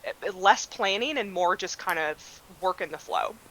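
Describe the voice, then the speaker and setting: Female guest, bright clear tone, relaxed, thoughtful and self-deprecating. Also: fairly low pitch, measured pace, rough recording. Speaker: guest designer. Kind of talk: casual interview chat.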